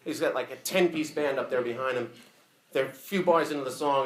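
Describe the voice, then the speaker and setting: A man giving a casual, profane, animated eulogy full of stories at a memorial. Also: medium pitch, fairly quick. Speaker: eulogy speaker. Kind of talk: funeral eulogy storytelling. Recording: echoey room.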